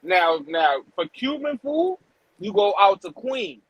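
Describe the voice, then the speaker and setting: A man from New York speaks in a high, husky voice. He talks with emphasis, running through one place after another. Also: very animated, slow, dry recording, lo-fi sound. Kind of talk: casual chat.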